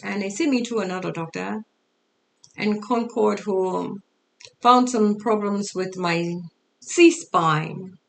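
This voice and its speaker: A middle-aged woman telling her own story in a halting, casual way, her speech altered so that it sounds foreign. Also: medium pitch, creaky, a little hiss or hum. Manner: halting, with fillers and restarts. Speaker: storyteller sharing her life.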